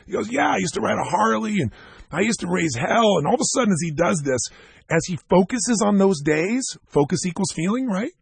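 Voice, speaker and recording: A man giving a motivational seminar talk, telling a story to a live audience in an animated way and acting out the dialogue. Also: high-pitched, fairly quick, creaky, breathy edge, no echo. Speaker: motivational speaker.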